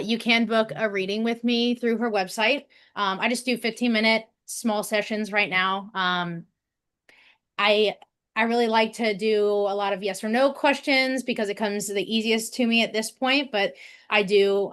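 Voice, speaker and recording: A woman's voice: mid-range voice, a bit bright, smooth. A woman introducing herself on a video call, a little shy and giggly, with plenty of fillers. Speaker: guest psychic medium student. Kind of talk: self-introduction on a live call.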